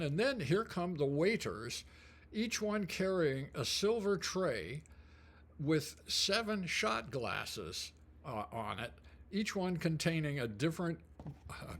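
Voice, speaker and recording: Older man telling a rambling story. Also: medium pitch. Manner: rambling, with many fillers and throat clearing. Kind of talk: casual storytelling.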